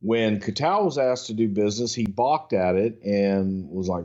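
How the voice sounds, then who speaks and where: Male, low pitch, blunt storyteller, muffled old clip. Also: a little slow, a little mellow.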